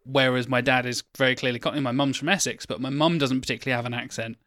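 A man's voice: medium pitch, steady tone, fast talker, a bit bright, dry recording, studio quality. A British man with a neutral southern English accent, explaining things chattily as a podcast co-host. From Britain. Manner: chatty, explanatory, laughs easily. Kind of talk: casual chat.

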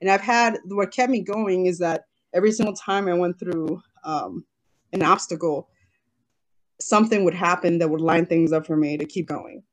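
A woman's voice: on the low side, moderate pace. A woman in her thirties, a business owner being interviewed, talking casually and emotionally, often quoting herself, on a video call. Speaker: guest, jewelry business owner.

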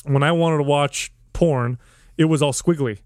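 A man's voice: fairly high pitch, normal speed, darkish tone, no room sound. A man co-hosting a podcast in casual chat, laughing easily as he tells jokey stories on a close studio mic. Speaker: podcast co-host.

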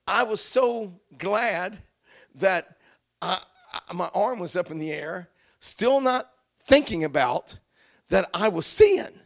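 A middle-aged man preaching a revival testimony sermon, telling his story quietly, then shouting and crying out in praise. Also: very high-pitched, lively intonation, a little slow, creaky. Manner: drops to quiet storytelling between outbursts.

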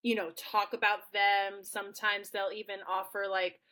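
A woman's voice: medium pitch, level tone, normal speed, bright, forceful tone. A woman hosting a casual podcast about language, chatting in a loose, playful way. She scatters fillers through her talk and laughs often as she explains, sounding like the teacher she once was. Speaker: podcast co-host; former teacher. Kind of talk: casual educational chat.

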